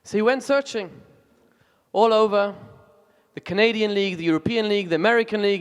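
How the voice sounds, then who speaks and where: A rabbi from Zimbabwe giving a storytelling sermon, telling jokes animatedly and with emphasis, in a large music hall. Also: male voice, sits high, clear, resonant tone.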